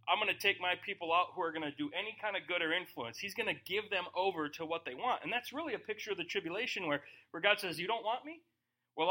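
A man's voice: high voice, pushed and bright. A male pastor teaching verse by verse in a conversational way, acting out quoted voices.

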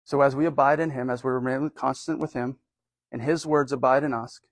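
A man preaches an informal sermon, thinking aloud with plenty of fillers and self-corrections. His voice sits in an ordinary middle pitch. The sound is dry, with little room echo. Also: steady tone, brisk. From United States. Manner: conversational, rambling with many fillers and restarts.

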